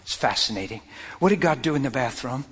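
A man preaching a sermon and telling a personal story, swinging from loud outbursts to near whispers. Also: mid-range voice, animated, quick pace, slightly rough, long reverb tail.

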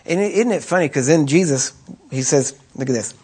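Husky-voiced man preaching a sermon. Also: a little high, expressive, a little fast, a little mellow. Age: adult with children. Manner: conversational preaching, rhetorical questions.

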